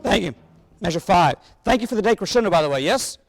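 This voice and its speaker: In a large, reverberant rehearsal hall, a band clinician energetically instructs a wind band, singing out rhythms on syllables. He has a high voice with lively intonation, talks fast, and music plays in the background.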